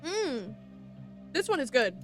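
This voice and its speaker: A woman's voice: high-pitched, very animated, slow pace, faint music behind. A woman streaming a video game in a casual chat, talking to herself and laughing at her own slips.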